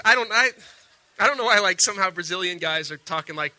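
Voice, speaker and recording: A man preaching a casual sermon from the platform, his voice pitched high and ringing bright and sharp. He talks in an animated, conversational way, stumbling into restarts and repeating words as he builds his point. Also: quick pace. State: sick. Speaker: pastor.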